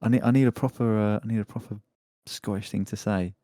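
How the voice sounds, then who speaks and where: A man's voice: lowish voice, fairly even intonation, fast, dark tone, no room sound, studio quality. A man hosting a casual podcast, joking and rambling while reading a news story aloud. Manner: joking, rambling, laughs often. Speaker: podcast host.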